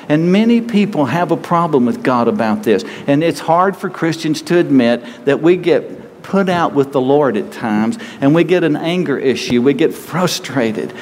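Earnest preacher in a reverberant hall. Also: male voice, fairly high pitch, animated, normal speed, few pauses, darkish tone. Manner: earnest, conversational preaching with dramatic pleading asides. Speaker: pastor. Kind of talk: sermon. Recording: hall reverb with faint ambient noise.

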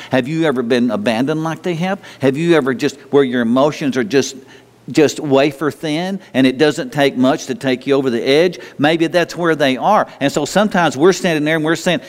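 A man preaching a sermon in a folksy, conversational way, often asking the congregation questions and mimicking people in a high, mocking voice. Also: in a large hall. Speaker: pastor.

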